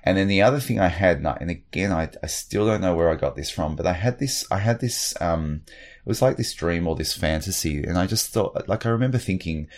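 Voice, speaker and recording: Deep voiced aussie guy, middle aged, lots of ums and restarts, reflective interview chat. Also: brisk. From Australia. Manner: hesitant, many fillers and restarts. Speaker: guest.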